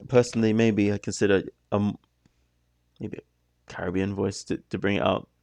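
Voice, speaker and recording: A man's voice: on the low side, little pitch movement, moderate pace, creaky, darkish tone, no room sound. A man giving casual reaction commentary on a music video, musing in a stop-start way with apologetic asides.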